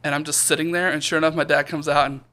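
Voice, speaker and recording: A man's voice: on the high side, rapid-fire. A young man casually telling a story on a podcast, acting out the voices of the people in it. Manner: animated storyteller acting out quotes. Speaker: podcast co-host.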